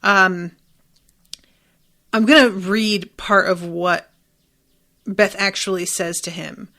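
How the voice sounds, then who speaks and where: Woman podcaster chatting about a tv episode, bright sharp voice, candid and emphatic, lots of um and like. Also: medium pitch, steady tone, a little slow. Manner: candid and emphatic, with frequent fillers and some swearing. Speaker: podcast host. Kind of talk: casual TV episode recap.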